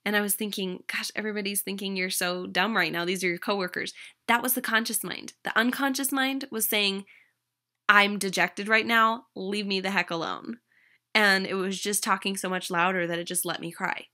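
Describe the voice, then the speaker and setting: A young adult woman casually telling a personal story to the camera, chatty, with many ums and restarts and animated quoted lines. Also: medium pitch, brisk. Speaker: vlogger.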